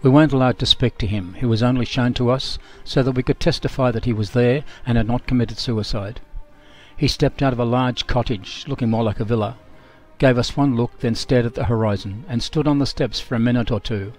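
A man narrating a historical documentary, reading a first-person memoir in a measured, sober way. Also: medium pitch, steady tone, faint music behind.

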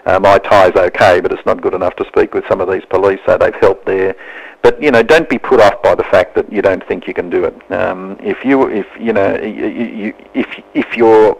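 A man's voice: sits low, steady tone, normal speed, creaky, slightly rough. A man being interviewed live on radio over a phone line, earnest and plain-spoken as he gives advice. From Australia. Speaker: interview guest, honorary consul.

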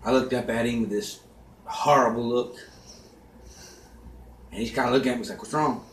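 A man telling a comedic story in a casual vlog rant, animated, swearing and shouting out the lines he quotes. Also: mid-range voice, normal speed. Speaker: vlogger. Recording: echoey room, faint background noise.

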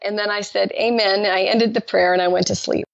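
Gravelly-voiced woman telling a faith story. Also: brisk, dry recording. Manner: animated, acts out quoted dialogue with jumps in pitch. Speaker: podcast guest. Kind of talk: personal faith testimony storytelling. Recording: dull lo-fi dry recording.

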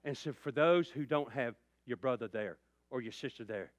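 Impassioned pastor preaching. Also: male voice, medium pitch, moderate pace, no room sound. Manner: impassioned preaching, rising loud then dropping to hushed tones. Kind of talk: sermon.

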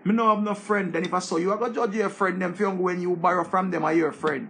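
Gravelly high-pitched Jamaican man ranting. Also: fast talker, background noise. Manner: preachy, repetitive, animated rant. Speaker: commentator. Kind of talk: casual monologue.

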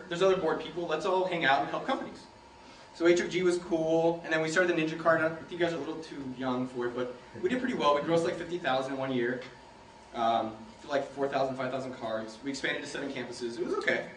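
Young male speaker, casual joking storyteller, slightly high voice, picked up from afar in a roomy hall with light hiss. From San Jose, California. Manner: laughing, joking, swearing freely. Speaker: speaker giving a talk to students. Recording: roomy, from a distance, faint hiss.

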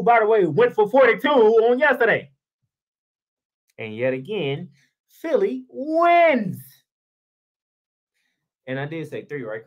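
Lively ranting man breaking down basketball. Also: a little high. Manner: heated, ranting, rhetorical questions. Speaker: sports blogger. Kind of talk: basketball commentary monologue.

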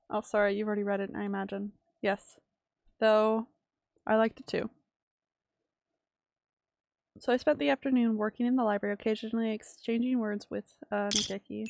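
A woman streamer reading a visual novel aloud and reacting with sudden excited exclamations. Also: a little high, creaky, dry recording, clean studio sound. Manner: reads game text aloud, breaks into excited exclamations.

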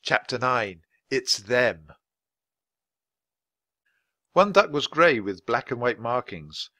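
Bright, clear storybook reader, a man. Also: medium pitch, slow pace, no room sound. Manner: clear, steady, at natural pace for learners. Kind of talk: storybook read-aloud.

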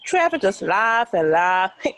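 A woman's voice: medium pitch, big pitch swings, unhurried, a little mellow, rough recording. A Bahamian woman, a teacher, telling a dramatic story to children with sound effects and then asking questions.

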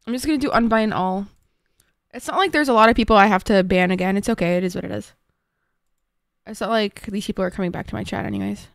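A woman's voice: mid-range voice, quick pace, gravelly, dry recording, clean studio sound. A woman streamer chatting to her viewers, flustered and swearing often. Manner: flustered, swearing, talks to chat. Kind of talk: casual live-stream chat.

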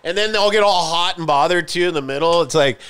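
A man's voice: on the high side, fast talker, fairly bright tone, smooth, dry recording. A middle-aged man hosting a podcast in casual chat, joking and running through stand-up bits. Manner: joking, telling stand-up bits with acted-out quotes. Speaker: podcast host.

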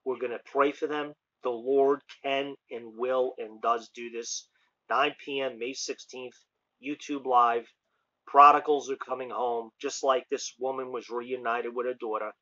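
A man's voice: mid-range voice, a little slow. A man sharing an impassioned testimony, acting out the dialogue as he tells it. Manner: animated storyteller who acts out the dialogue. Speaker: street preacher and online ministry host. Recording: lo-fi dull sound.

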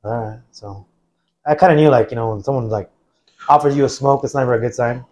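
A man's voice: mid-range voice, brisk. A man in his forties from the United States, a military veteran guest telling his story casually, with many "like" fillers. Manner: relaxed and rambling, many "like" fillers, acts out others' quotes.

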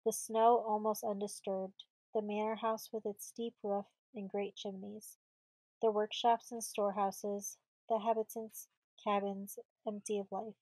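A woman reading a storybook audiobook aloud in a measured, steady way, close to the mic. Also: mid-range voice, dry recording, low-quality recording. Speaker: audiobook reader.

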